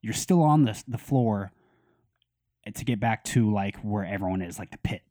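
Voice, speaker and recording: Animated young man telling a story. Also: fairly low pitch, normal speed, no room sound, clean studio sound. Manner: animated storyteller, swears freely, acts out quotes. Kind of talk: casual storytelling chat.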